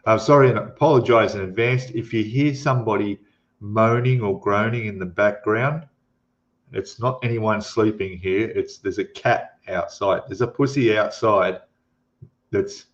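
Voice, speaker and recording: Man, middle-aged, live stream host, slow chatty rambling, somewhat low voice. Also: muffled recording. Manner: chatty, rambling, greets viewers by name. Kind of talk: casual live stream chat.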